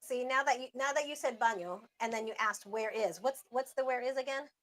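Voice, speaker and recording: A woman's voice: fairly high pitch, a little fast, fairly bright tone. A woman hosting a casual radio chat, coaching her co-hosts through words in an upbeat way and laughing often. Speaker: radio host. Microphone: studio microphone.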